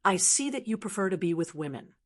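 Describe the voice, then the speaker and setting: A woman's voice: medium pitch, animated, quick pace, natural voice. A woman voicing a lazy, brash young nobleman who scoffs and talks bluntly.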